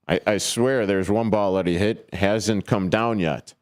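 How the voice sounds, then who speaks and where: A man hosting a live sports radio show on his own in a studio. He rambles and jokes with plenty of fillers and breaks into sudden high, yelped calls of players' names. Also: measured pace, hardly any pauses, clear, resonant tone.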